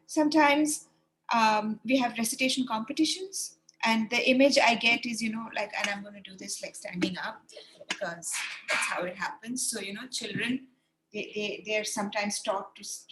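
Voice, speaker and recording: A woman's voice: a little high, moderate pace, a bit bright. A woman leading an online training webinar for teachers over a video call, encouraging and demonstrating read-alouds.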